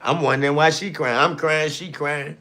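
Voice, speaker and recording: A man's voice: on the high side, fairly even intonation, normal speed, pushed and bright. A man telling a personal story on a live stream, calling out to his viewers and repeating lines to drive them home. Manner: repetitive, building emphasis. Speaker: landscaping business owner.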